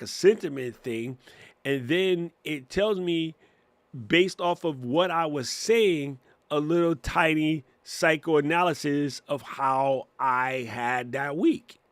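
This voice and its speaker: A man in his fifties hosting a casual live-stream Q&A from his home studio, animated and laughing, swearing freely. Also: on the high side, no echo. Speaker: host. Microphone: studio microphone.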